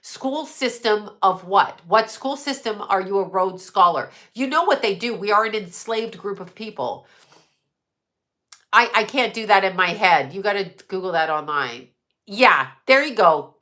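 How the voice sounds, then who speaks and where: A woman's voice: a little high, sharp tone. A woman hosting a casual livestream from her desk mic, rambling and conspiratorial, swearing and answering chat as she goes. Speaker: livestream host. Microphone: desk microphone.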